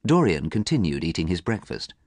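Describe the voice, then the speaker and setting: Deep-voiced man reading a story. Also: big pitch swings, a little mellow, dry recording, clean studio sound. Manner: clear, measured, simple reading. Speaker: narrator. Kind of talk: scripted audiobook narration.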